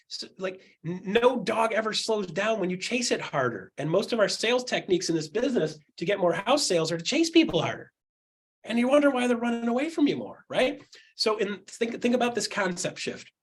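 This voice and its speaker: Husky man coaching with animated energy. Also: a little fast. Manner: animated, acts out quotes with jumps in pitch. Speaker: real estate coach on a mastermind call. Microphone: video call.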